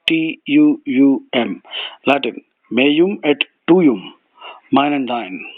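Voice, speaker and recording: A man teaching foreign words and phrases, saying each one, spelling it letter by letter and giving its meaning in a slow, deliberate way. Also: medium pitch, no room sound. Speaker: vocabulary teacher. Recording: tinny phone-like audio, dry.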